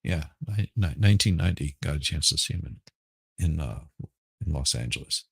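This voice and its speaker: A middle-aged man with a Southern accent, hoarse right now, chatting casually and rambling on a livestream. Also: a bass voice, lively intonation, dry recording. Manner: rambling, halting, repeats words. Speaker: livestream host. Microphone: headphones with mic.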